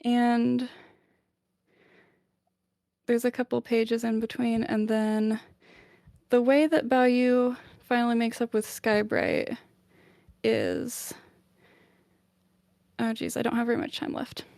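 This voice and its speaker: A woman on a book club podcast casually retelling a chapter of a novel, chatty and animated, with plenty of "like". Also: fairly high pitch, takes it slowly, vocal fry, pauses often, no room sound, studio quality. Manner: chatty, lots of "like", animated summarising.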